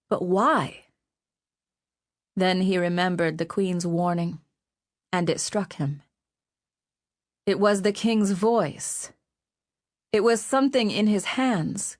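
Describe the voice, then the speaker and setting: A woman reading an audiobook with measured, even storytelling narration. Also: medium pitch. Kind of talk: scripted narration.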